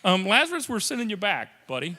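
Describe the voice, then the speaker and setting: A breezy, buddy-like God talks things over casually, as a preacher puts him on. The voice is high and very bright, carried by the long reverb of a sanctuary. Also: male voice, wildly swooping pitch, brisk, full character voice.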